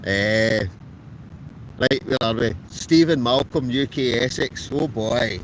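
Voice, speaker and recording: A man's voice: medium pitch, slow. A Scottish man chatting on a live stream from inside a tent, greeting viewers by name in a cheerful, good-humoured way. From Scotland. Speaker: wild camper live-streaming. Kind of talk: casual live-stream chat reading viewer comments. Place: inside a tent outdoors in a storm. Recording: roaring storm wind, garbled robotic-sounding audio. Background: howling gale buffeting the tent.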